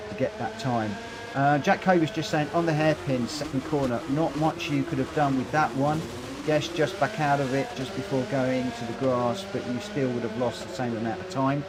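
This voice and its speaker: This man speaks at a medium pitch over background noise while streaming a racing game. He reads chat aloud and chats with plenty of fillers, sounding a little short of breath, in the style of live stream commentary.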